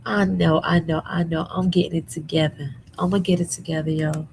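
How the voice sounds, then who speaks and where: A woman hosting a casual commentary show from her room at home, sassy and animated with lots of slang, a little under the weather. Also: deep voice, fairly quick, slight background noise, poor audio. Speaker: commentary channel host.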